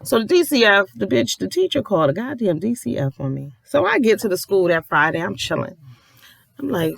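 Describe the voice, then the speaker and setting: A mother telling a long story in a casual rant, profane and animated, acting out the people she quotes. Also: on the low side, fairly quick, creaky, no echo.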